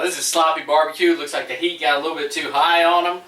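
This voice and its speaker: Middle-aged man, bright voice, chatty backyard cooking vlog, roomy sound from a distance. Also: a little high, fairly even intonation, quick pace. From US Gulf Coast. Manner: laid-back, chatty, talks to viewers while cooking. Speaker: home cook vlogger. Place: outdoors at a backyard grill. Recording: roomy sound from a distance, faint background noise.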